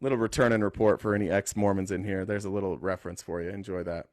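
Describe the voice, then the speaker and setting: A man's voice: low voice, fairly even intonation, fast talker, darkish tone, dry recording. Casual male talk-show host, dry sound. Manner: casual, joking, thinks aloud. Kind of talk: live call-in political talk.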